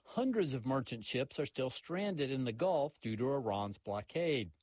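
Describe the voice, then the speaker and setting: A male reporter filing a news report with a lively reporting cadence. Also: mid-range voice, unhurried.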